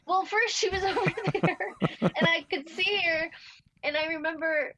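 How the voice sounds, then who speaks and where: A woman in her forties telling a story in casual podcast chat, animated and often laughing. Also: very high voice, normal speed, dry recording. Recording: slightly dull, dry podcast audio.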